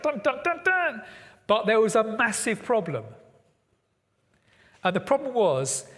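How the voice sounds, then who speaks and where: A middle-aged man preaching a storytelling sermon with lively, playful asides. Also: high-pitched. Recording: long hall reverb.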